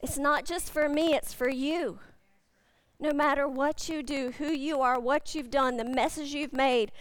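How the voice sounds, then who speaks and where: High-voiced woman pastor preaching emphatically. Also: clean tone, no echo. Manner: emphatic, repeating key phrases. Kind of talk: sermon.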